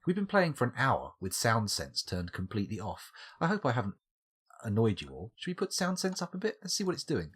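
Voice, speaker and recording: A man's voice: medium pitch, huge pitch swings, brisk, fairly bright tone, slightly rough. A man rambling and joking to himself as he streams a game. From United Kingdom. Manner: rambling, jokey, talks to himself. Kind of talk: casual gameplay commentary.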